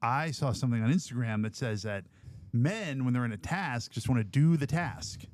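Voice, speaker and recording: A man co-hosting a casual podcast, joking and teasing in quick asides. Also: medium pitch, expressive, darkish tone. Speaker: podcast co-host. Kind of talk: casual chat.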